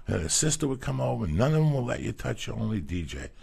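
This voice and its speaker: A man telling personal stories in a casual talk, animated and profane, acting out what people said. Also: medium pitch, fast talker, creaky, slightly rough. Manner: profane, animated storytelling, acts out quotes. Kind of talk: casual storytelling chat.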